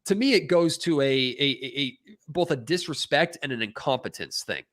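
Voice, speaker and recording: An animated man on a sports talk broadcast, ranting with real emphasis. His voice is bright and forceful, and he gets heated as he argues his case. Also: fairly high pitch, normal speed. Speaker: sports anchor guest. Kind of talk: sports radio discussion.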